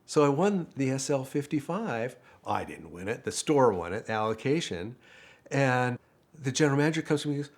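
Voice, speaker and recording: A man's voice: mid-range voice, fairly quick. An older man, a former dealership manager, telling a casual story in a chatty way and acting out other people's lines. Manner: chatty, quotes others in lively voices, laughs often. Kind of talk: casual anecdote.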